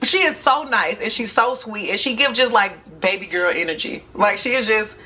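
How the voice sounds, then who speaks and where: A woman's voice: mid-range voice, expressive, sharp tone, low-quality recording. A young woman from Houston, the guest in a casual talk show interview, who laughs a lot, drawls and gushes as she talks. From Houston, Texas. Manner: gushing, laughs often, drawls slowly.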